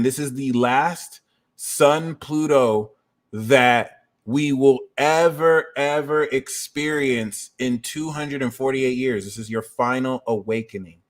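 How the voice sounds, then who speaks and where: Man explaining astrology, energetic and chatty. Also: medium pitch. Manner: energetic and conversational, with quick asides. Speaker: astrology livestream host. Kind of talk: explaining astrology transits to a live audience.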